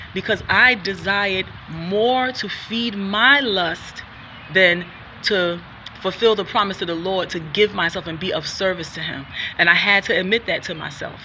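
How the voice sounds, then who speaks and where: A middle-aged woman talks straight to her viewers in a faith-based vlog, earnest and a little preachy. She circles back over her own phrases and sometimes stumbles over a word. Her voice is bright and forward, with a faint hum of room noise behind her. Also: mid-range voice. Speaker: vlogger.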